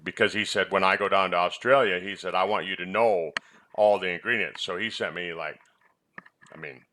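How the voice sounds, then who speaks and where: A man's voice: deep voice, steady tone, moderate pace, pushed and bright, slight background noise. A man who presents health products and once ran a clinic, chatting in a rambling way and teasing his co-host with quiz questions. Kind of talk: casual chat about supplements.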